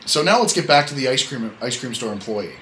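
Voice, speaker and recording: A man's voice: medium pitch, animated, fast talker, pushed and bright, a little hiss or hum, poor audio. A man hosting a casual podcast chat, telling a story in a rambling, joking way and correcting himself as he goes. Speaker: podcast host.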